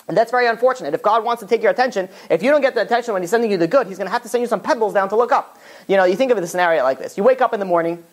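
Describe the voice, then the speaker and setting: A rabbi giving a Torah class, telling stories in an animated, casual way full of fillers. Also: male voice, sits high, rapid-fire. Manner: animated storytelling, casual filler-heavy talk. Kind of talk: Torah class lecture with storytelling.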